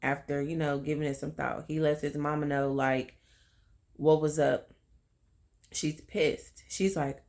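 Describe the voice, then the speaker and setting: A woman's voice: sits low, steady tone, a little slow, darkish tone. A young woman casually recapping a TV episode, chatty and full of fillers. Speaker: TV recap vlogger.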